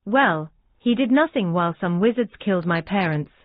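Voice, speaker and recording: Casting: woman voicing a bitter plotting girl, slow, tinny and dry. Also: mid-range voice, expressive, dry recording, close to an everyday voice. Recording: dry, tinny phone-like sound.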